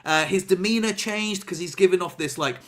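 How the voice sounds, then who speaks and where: A man in casual chat, telling an animated story and acting out what people said. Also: high-pitched, brisk. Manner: animated storyteller, acts out quotes, laughs.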